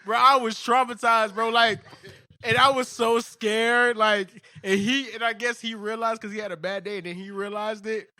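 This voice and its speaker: A young adult man hosting a podcast, telling a childhood story in slangy, animated casual talk. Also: high-pitched, brisk, few pauses, no echo, studio quality. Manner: animated storyteller, slangy, says "bro" often. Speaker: podcast host.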